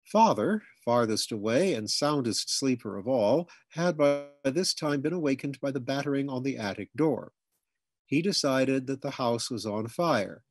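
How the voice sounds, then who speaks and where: A male audiobook reader narrates a funny memoir from a script, with an animated, husky voice at a measured pace and no echo. Every so often he breaks into loud, high shouts when quoting his family members.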